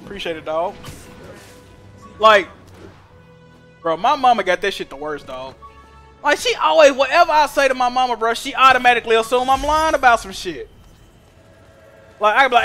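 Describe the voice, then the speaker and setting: A young man streaming a game, telling stories in animated, profane slang. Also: very high-pitched, a little fast, faint music behind. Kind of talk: casual chat while gaming.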